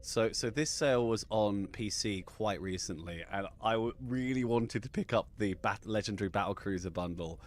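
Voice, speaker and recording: Excitable stammering male stream host. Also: lowish voice, moderate pace, few pauses. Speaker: podcast host. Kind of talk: casual live-stream chat.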